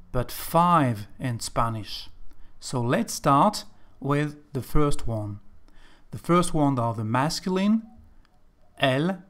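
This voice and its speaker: Slow-paced male language teacher. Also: mid-range voice. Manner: slow, careful explaining, slightly non-native English phrasing. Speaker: Spanish teacher. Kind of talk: language lesson narration.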